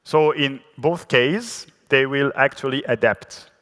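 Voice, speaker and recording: A man's voice: medium pitch, slow, fairly bright tone. French guy giving a tech talk, chatty and self-deprecating, voice ringing out in a big reverby hall. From France. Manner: chatty and self-deprecating, many fillers and restarts. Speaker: conference speaker. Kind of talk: technical conference talk. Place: large conference hall.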